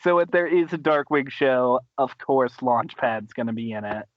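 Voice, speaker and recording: A man hosting a podcast, casually recapping a cartoon episode in an animated way, laughing and acting out quotes. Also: normal speed, dry recording, muffled recording. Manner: animated, laughing, acts out quotes in high voices. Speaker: podcast host.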